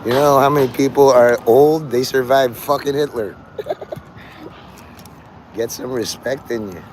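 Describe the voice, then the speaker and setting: Rambling, profane man on a loud street. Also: medium pitch, slow pace, rough recording. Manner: rambling, profane, dark joking asides. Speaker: livestreamer. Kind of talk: rambling street livestream chat. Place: outdoors on a city street. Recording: loud street traffic noise. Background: vehicles and city ambience.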